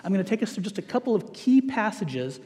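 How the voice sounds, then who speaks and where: A middle-aged man preaching a sermon in a lively, joking way, with playful asides to his listeners. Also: high-pitched, quick pace, big-room sound.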